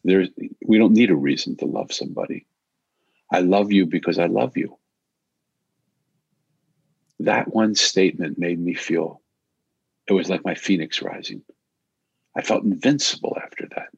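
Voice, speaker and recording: An older man telling a personal story in a soft-spoken, reflective way, slowing down on key phrases. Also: deep voice, gravelly, slightly rough, no echo, lo-fi sound.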